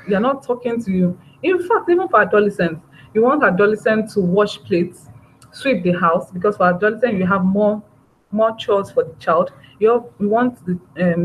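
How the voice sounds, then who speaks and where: Woman, parenting coach, animated teaching delivery with acted-out voices, medium pitch, slight room noise. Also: low-quality recording. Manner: lively, acts out parent and child voices. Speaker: parenting trainer. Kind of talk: training talk to parents.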